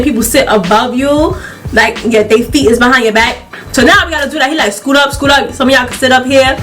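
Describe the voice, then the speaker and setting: A young YouTuber with a high, bright voice tells a lively story-time tale for her channel, laughing along and acting out the people she quotes, while soft music plays faintly in the background.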